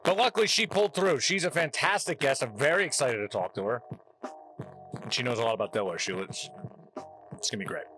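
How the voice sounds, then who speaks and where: A man's voice: mid-range voice, fast, pauses often, fairly bright tone, soft background music, rough recording. A man from New Jersey hosting a casual food-tasting vlog, chatty and wry as he jokes between bites. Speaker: host.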